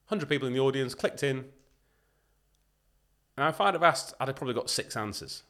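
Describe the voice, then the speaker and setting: A man's voice: mid-range voice, a little fast. Emphatic man in a podcast chat. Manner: emphatic and animated, acts out what people say. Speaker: podcast guest, leadership consultant. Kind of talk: conversational podcast interview.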